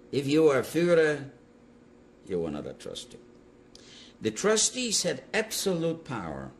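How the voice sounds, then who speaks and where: An older man telling his story in an interview, animated and halting, with restarts mid-sentence. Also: on the low side, slight background noise. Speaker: Holocaust survivor giving testimony. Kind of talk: interview testimony.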